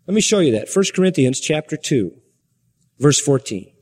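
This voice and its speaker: A man preaching a sermon with emphasis, firing rhetorical questions and shifting his pace from slow to quick. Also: on the high side, sing-song, a little mellow, slightly rough, in a large hall.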